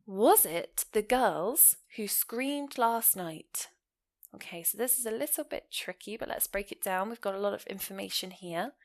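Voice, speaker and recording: Woman teacher, clear explanatory delivery, walks through grammar examples and quizzes the listener. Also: mid-range voice, measured pace. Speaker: English teacher. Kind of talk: online grammar lesson.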